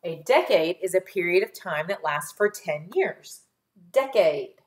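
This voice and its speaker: A woman teaching a phonics lesson to children, sounding out syllables slowly and carefully. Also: fairly low pitch, lively intonation, reverberant.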